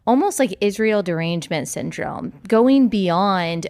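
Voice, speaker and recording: Measured woman interview guest. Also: mid-range voice, animated. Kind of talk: interview talk.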